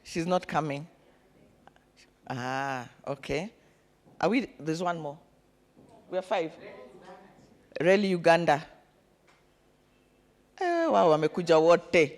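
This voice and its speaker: Animated woman coaching a live room. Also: lowish voice, a little slow, long pauses. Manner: animated, calls on the audience to repeat words, counts attendees. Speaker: coach leading a summit session. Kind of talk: lively live event hosting. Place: conference room with an audience.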